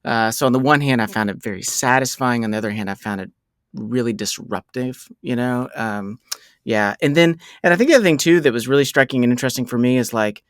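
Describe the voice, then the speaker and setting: A man sharing reflections as a podcast guest, halting, with many fillers and restarts. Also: mid-range voice, lively intonation, no echo, studio quality.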